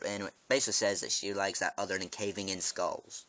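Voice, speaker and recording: A man's voice: low-pitched, fairly even intonation, bright, forceful tone. A man vlogging a casual, rambling episode recap, swearing freely and breaking off into asides and restarts. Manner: profane, quick restarts and asides.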